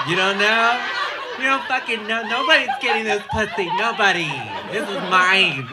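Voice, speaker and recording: A man's voice: high voice, normal speed. A man doing profane, brash stand-up crowd work at a live bar comedy show. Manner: brash, profane teasing of the audience. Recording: live bar set with loud crowd and noise.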